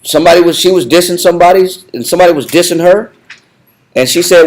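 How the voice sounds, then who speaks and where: A man leading a Bible study lesson in a conversational, animated way, repeating himself and laughing often. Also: sits high, fast, low-quality recording. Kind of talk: conversational teaching.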